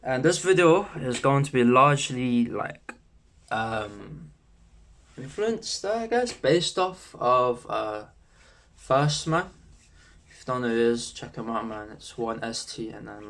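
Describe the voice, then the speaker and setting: Rambling young guy. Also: mid-range voice. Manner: rambling, slangy, swears often. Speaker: YouTuber. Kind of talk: casual self-improvement vlog.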